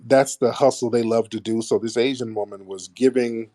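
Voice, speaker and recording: A man's voice: medium pitch, steady tone, normal speed, mellow, no room sound. A middle-aged man hosting a radio show, talking bluntly and profanely to his listeners in a casual monologue. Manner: mocks others in put-on voices.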